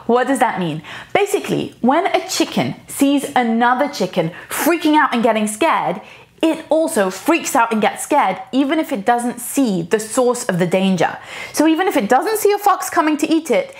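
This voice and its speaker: A parenting educator speaks calmly and earnestly in a casual advice vlog. Her voice is on the high side, with an expressive lilt that leans on key words.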